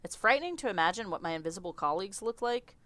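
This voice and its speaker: Animated woman streamer with a lively voice. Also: medium pitch, very fast, no room sound. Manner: animated, chatty, laughs often. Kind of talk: playing and reading a visual novel aloud.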